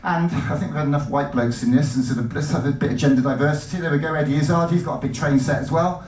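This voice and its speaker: Excitable male speaker, fairly high voice, stage talk, roomy distant sound. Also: fast talker. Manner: animated, jumpy, self-interrupting. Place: lecture hall. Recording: roomy hall, mic at a distance.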